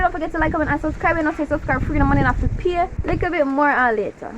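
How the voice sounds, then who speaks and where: Racing along in a high voice, this young vlogger with a Jamaican accent rants about what bugs her, speaking heavy patois in a casual video. The audio is slightly dull and lo-fi, with a faint hiss.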